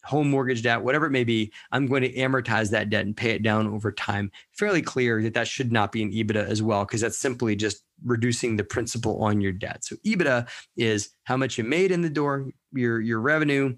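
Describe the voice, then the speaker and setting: A man's voice: medium pitch, brisk, hardly any pauses, fairly bright tone, no room sound, studio quality. A man with a Southern US accent co-hosting a podcast, talking in a casual, jokey way and often repeating words as he explains things. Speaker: podcast co-host.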